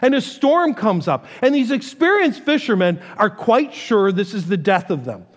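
A man preaching a sermon as a pastor, telling the story with animated delivery and acting out the voices. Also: high voice, normal speed. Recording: reverberant hall.

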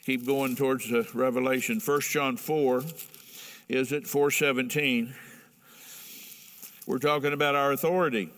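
A man's voice: medium pitch, fairly even intonation, unhurried, long pauses, fairly bright tone. A middle-aged pastor preaching a sermon in a folksy, emphatic way, asking the congregation questions as he tells a story. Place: church hall with a congregation. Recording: long reverb in a large hall.

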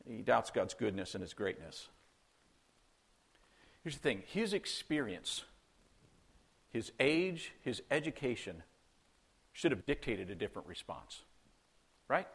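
A man's voice: medium pitch, very animated, measured pace, vocal fry, long pauses, a bit bright, slightly rough. A man preaching a sermon in a conversational way, full of rhetorical questions and acted-out quotes. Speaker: pastor.

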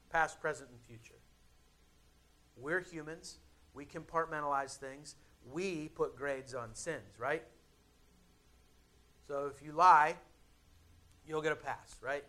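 A young adult male pastor with a slightly high voice preaches a sermon conversationally, using dramatic pauses and emphatic builds.

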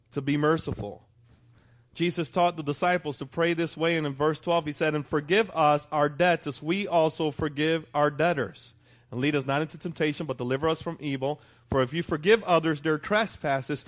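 A middle-aged man preaching a sermon as pastor, animated and asking the congregation for responses. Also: a little high.

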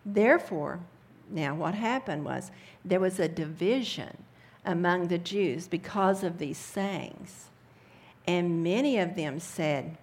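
A woman's voice: lowish voice, slow pace, a little mellow, slightly rough. A woman teaching the Bible in a sermon style, reading scripture aloud and breaking in with fervent comments.

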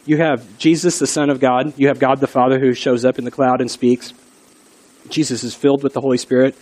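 His medium-pitched voice is level, brisk and a little mellow. He's a middle-aged pastor giving an earnest sermon in a conversational style, telling stories throughout.

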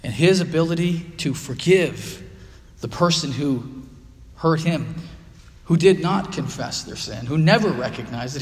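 A man's voice: medium pitch, long reverb tail. A man preaching a sermon as pastor, earnest and emphatic, with frequent fillers.

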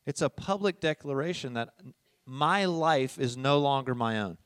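A middle-aged pastor preaching a sermon in a conversational way, often checking in with "all right?" and moving from soft asides to loud emphasis. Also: male voice, medium pitch, lively intonation, normal speed, no room sound, clean studio sound.

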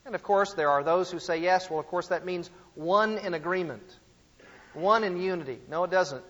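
High-voiced preacher in a hall. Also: male voice, moderate pace, fairly bright tone, muffled recording. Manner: emphatic teaching with rhetorical questions to the audience. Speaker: pastor teaching a series. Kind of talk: sermon.

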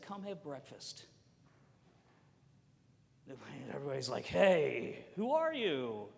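Guy preaching a sermon, high voice, super animated, goes loud then real soft, big hall reverb. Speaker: pastor.

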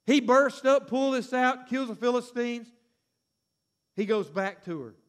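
Male preacher, high voice, dramatic sermon with hushed-to-loud swings. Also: measured pace, smooth.

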